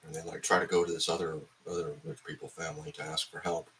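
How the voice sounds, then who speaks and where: Hung-over man venting about a movie, foul-mouthed and rambling, with a bright, tense tone. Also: a bass voice, level tone, quick pace, slight background noise. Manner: profane, angry, rambling with many fillers. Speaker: film reviewer. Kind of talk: ranting film review.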